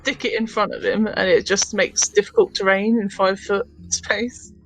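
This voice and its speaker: A woman's voice: mid-range voice, fairly even intonation, moderate pace, poor audio. A woman playing a tabletop game, chatting casually and swearing lightly. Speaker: player.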